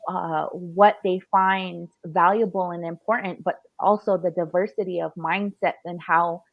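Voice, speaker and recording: A woman in a book club discussion, speaking in a measured way and restarting as she builds her point. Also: fairly low pitch, fairly even intonation, creaky, no echo, phone-quality sound. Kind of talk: casual chat.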